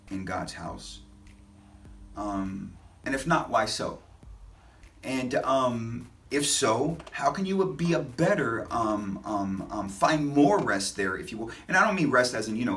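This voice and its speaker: A man, a dad of three, giving a relaxed, chatty daily devotional with lots of fillers and animated storytelling. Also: fairly low pitch, recorded from a distance. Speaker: lay preacher giving a daily Lenten reflection. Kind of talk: casual spoken devotional. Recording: voice a bit off-mic with light music behind.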